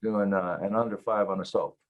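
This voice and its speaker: A man's voice: lowish voice, steady tone, brisk. A man in his eighties, a guest actor, telling rambling wry anecdotes in a casual interview. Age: 80s. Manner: many fillers and restarts.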